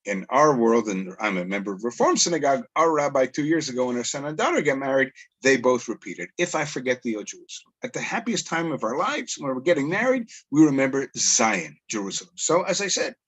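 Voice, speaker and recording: A middle-aged man with a Canadian accent, lecturing an audience with animated storytelling, quotes and asides. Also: medium pitch, fairly quick, few pauses. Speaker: educator.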